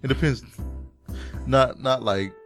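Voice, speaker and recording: A man's voice: mid-range voice, slow pace, faint music behind. A man co-hosting a casual family podcast, rambling with many fillers and restarts. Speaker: podcast co-host. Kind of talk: casual chat.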